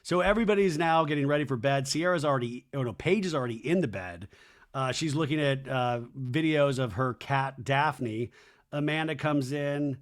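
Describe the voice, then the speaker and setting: A man hosting a podcast, recapping a reality show with sarcastic, crude jokes and high-pitched mocking impressions of the cast. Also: normal speed. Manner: animated, jumps into high mocking voices when quoting people. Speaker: podcast host.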